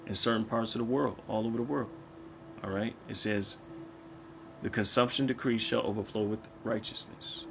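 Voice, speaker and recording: A man from the United States teaching scripture in a casual, conversational way, often checking in with his listeners and reading verses slowly before explaining them. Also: lowish voice, background noise. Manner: conversational, keeps checking in with "all right?" and "man"; reads verses slowly, then explains them in plain talk. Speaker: preacher.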